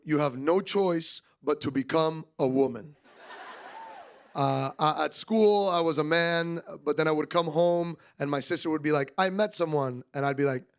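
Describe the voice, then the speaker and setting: Animated man doing stand-up, gravelly. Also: fairly high pitch. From Miami, USA. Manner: animated, acts out voices. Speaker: comedian. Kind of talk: stand-up comedy.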